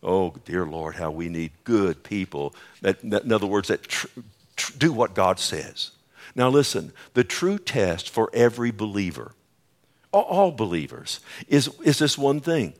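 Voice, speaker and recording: A man preaching a sermon as a pastor, emphatic and repetitive, calling out to his listeners and dropping suddenly soft for effect. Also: on the low side, big pitch swings, measured pace. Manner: acts out quoted dialogue, repeats calls like "Amen?" and "Listen".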